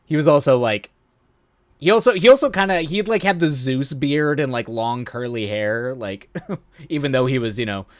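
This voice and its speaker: A man streams live, chatting loosely with his viewers in a mid-range voice with lively intonation at a normal pace. He rambles, trails off, restarts sentences and laughs often at his own stories. The recording is dry, with clean studio sound.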